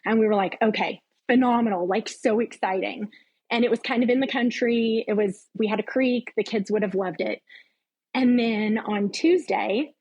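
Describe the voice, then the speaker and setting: A woman's voice: medium pitch, darkish tone, breathy edge, rough recording. A middle-aged woman, a podcast guest, giving an earnest, heartfelt personal faith testimony.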